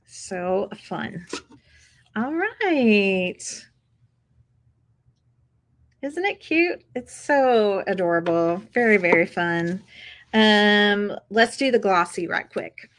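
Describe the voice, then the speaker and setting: A woman's voice: medium pitch, expressive, takes it slowly, rough recording. A woman hosting a casual craft tutorial, chatty and upbeat, talking to viewers as she works at a craft table. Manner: chatty, upbeat, addresses viewers as "you guys".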